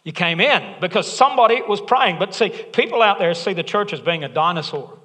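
Aussie pastor guy, middle-aged, high bright voice, cracking jokes mid sermon, big hall echo. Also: lively intonation, fairly quick. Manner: jokey, conversational preaching with rising emphasis. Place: church auditorium. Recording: long reverb of a large hall.

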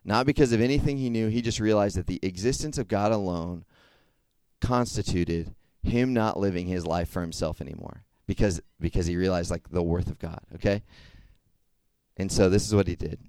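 A man's voice: sits low, moderate pace, a little mellow, clean tone, no echo. Casual young man preaching. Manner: conversational, checks in with frequent "okay?". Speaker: youth speaker. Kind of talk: casual sermon.

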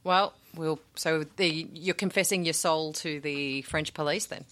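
A woman's voice: low voice, steady tone, a little slow, a bit bright. A woman chatting casually and joking with friends during a group reading. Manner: joking, laughing. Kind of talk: casual chat.

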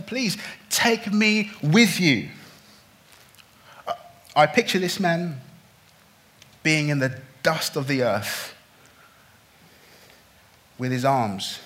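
Impassioned male preacher, fairly high voice. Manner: impassioned, swings from hushed to loud pleading. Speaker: pastor. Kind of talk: sermon.

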